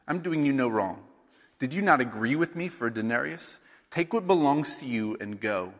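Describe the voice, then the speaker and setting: A long reverb tail follows the mid-range, fairly bright voice of a pastor in his thirties from rural Iowa, USA. He preaches conversationally, posing one rhetorical question after another.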